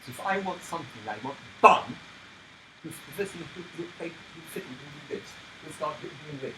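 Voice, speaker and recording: A man who teaches violin, talking about his student with animated delivery and loud sung rhythms. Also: on the high side, brisk, far from the mic, background noise. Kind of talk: lesson conversation. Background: violin playing.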